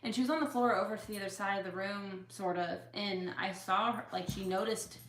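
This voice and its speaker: This is a casual Q&A: a young woman with tics chats with viewers from a couch-furnished room at home, leaning on fillers and letting her emotions show. Her mid-range voice stays steady in tone and moves fairly quickly, and the recording carries room echo.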